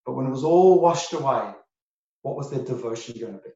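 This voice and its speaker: A man's voice: medium pitch, animated, a little fast, dark tone, very echoey, recorded from a distance, highs cut off. A man preaching a sermon as pastor, emphatic and repeating his key phrases for weight.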